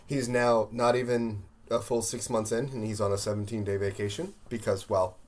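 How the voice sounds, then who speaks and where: A man's voice: lowish voice, steady tone, normal speed, darkish tone. A male podcast co-host in casual chat, talking in a sardonic, ranting way.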